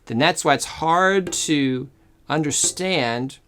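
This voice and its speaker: A chatty cello teacher demonstrates during an online music lesson, her mid-range voice slow and fairly bright. She explains as she goes, thinking aloud and correcting herself mid-sentence, and keeps checking in with "okay?" and "all right?"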